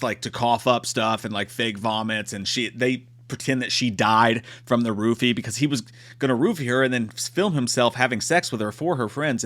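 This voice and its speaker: A man giving a comedic movie review in a profane, animated way, acting out quotes. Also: mid-range voice.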